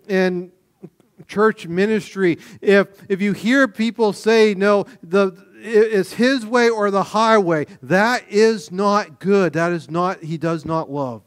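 Smooth-voiced, this male pastor delivers an animated sermon. He alternates booming emphasis with hushed asides and acts out how everyday folks talk.

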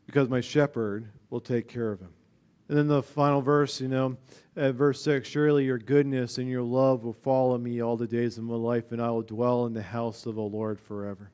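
Smooth-voiced male pastor preaching emphatically. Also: moderate pace. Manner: swings between loud emphatic passages and quiet low stretches, with restarts. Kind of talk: sermon.

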